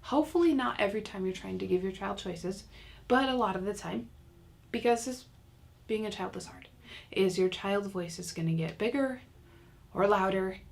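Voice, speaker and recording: A woman's voice: mid-range voice, moderate pace, creaky. A woman teaching a recorded parenting lesson in a casual, chatty way with self-mocking humor.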